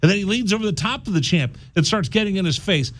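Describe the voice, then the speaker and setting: Lively high-voiced male radio host. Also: fast talker, no echo, clean studio sound. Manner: animated, jokey storyteller who slips into mock voices. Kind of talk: casual radio banter and storytelling. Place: college radio studio.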